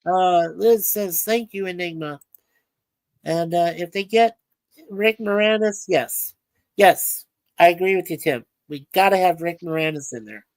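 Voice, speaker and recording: A woman with a slightly low voice co-hosts a livestream in a relaxed, chatty way. She reads out viewer comments, trails into frequent filler words, and sounds close and dry. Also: a little slow, no room sound. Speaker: livestream co-host. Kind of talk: casual chat reading viewer comments aloud.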